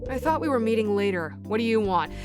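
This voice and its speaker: A woman's voice: a little high, animated, quick pace, lightly acted. A woman reading the lines of a smug, prying man, in a probing tone over game music. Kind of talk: reading game dialogue aloud.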